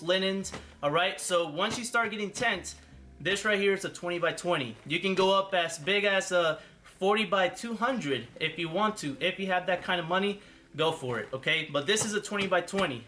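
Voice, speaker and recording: A man's voice: sits high, sharp tone, a little hiss or hum. A man showing gear and explaining it in a casual how-to walkthrough, often ending his points with "okay?". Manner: instructive, ends points with "okay?". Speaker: party rental business owner. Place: warehouse.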